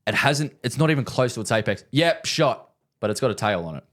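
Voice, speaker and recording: A man's voice: medium pitch, lively intonation, a little fast, fairly bright tone. A man co-hosting a podcast, telling a long rambling story in casual chat and repeating himself. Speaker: podcast co-host.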